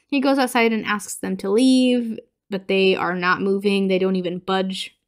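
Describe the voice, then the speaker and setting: A woman's voice: medium pitch, normal speed. A young adult woman hosting a podcast, casually retelling a horror movie scene by scene, laughing often and acting out the characters' lines. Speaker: podcast host.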